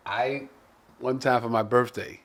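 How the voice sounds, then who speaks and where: A man from Brooklyn spins loose, profane stories as a comedian host. His voice sits in a middle pitch and turns animated as he acts out what other people said. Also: measured pace. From Brooklyn, New York. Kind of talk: casual storytelling chat.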